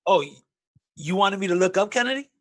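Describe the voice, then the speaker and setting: Man, radio co-host, high voice, casual, incredulous. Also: lively intonation, a little fast, fairly bright tone.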